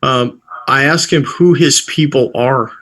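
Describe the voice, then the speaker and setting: A man's voice: medium pitch, a little slow, fairly bright tone, rough recording. A man playing in a tabletop role-play game, hesitant and stammering as he speaks for his character. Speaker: player.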